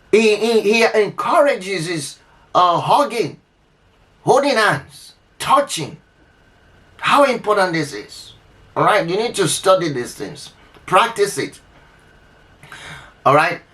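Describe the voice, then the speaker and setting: A man's voice: fairly high pitch, fairly bright tone. A man hosting a relationship advice talk, speaking emphatically to the listener, often repeating and restarting his phrases. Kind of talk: unscripted advice talk to camera.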